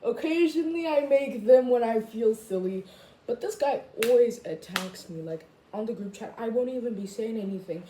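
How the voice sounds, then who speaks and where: A woman in a casual rant to camera as a vlogger, chatty and full of "like", jumping high in pitch when she quotes herself. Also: animated, moderate pace, dark tone. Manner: chatty, full of "like" and "I was just like". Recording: echoey room, faint background noise.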